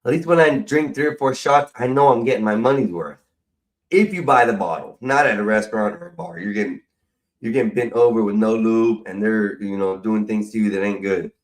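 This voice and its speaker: A man's voice: fairly low pitch, a little fast, poor audio. A man hosting a stream, rambling casually and profanely while drinking. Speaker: stream host. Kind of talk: casual rambling livestream chat.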